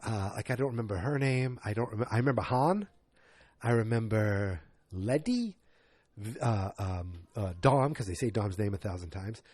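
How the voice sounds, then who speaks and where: Husky-voiced man rambling a movie review. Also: fairly low pitch, animated, moderate pace, darkish tone, dry recording. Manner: rambling, self-mocking, loose and jokey. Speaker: podcast host. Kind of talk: casual movie review monologue.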